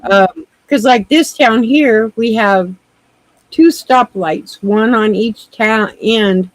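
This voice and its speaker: A man's voice: high-pitched, slow, no echo, poor audio. A man who grew up in cattle country, chatting casually with dry, wry remarks. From rural cattle country. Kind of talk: casual chat.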